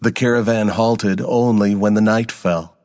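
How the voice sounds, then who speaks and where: Low-voiced man narrating a story. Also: steady tone, a little slow, darkish tone, big-room sound. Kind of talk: scripted narration.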